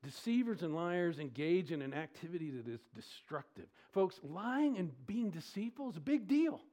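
A man preaching a sermon with emphatic delivery, asking the congregation questions and swinging between loud stresses and quiet lows. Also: big pitch swings, normal speed. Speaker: pastor.

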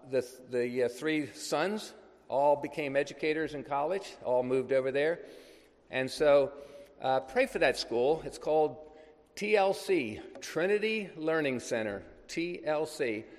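A man with a fairly high voice tells a missionary story to a congregation. He talks loosely and conversationally, pausing as he goes. The sound rings with the long reverb of a large hall. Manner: conversational, anecdotal, loose with pauses. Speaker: missionary speaker. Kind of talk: church talk telling a ministry story.

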